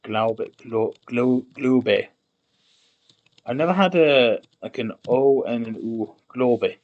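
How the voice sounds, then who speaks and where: A man's voice: mid-range voice, slow, dull audio. A man streaming himself building a made-up language, thinking aloud while typing, muttering and repeating words to try them out. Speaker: conlang streamer.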